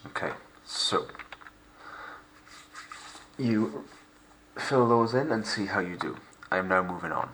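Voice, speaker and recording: A male French teacher narrating a recorded remote lesson, slowing down to model pronunciation for pupils to repeat. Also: low voice, lively intonation, a bit bright, slight background noise. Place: home recording for lockdown learning.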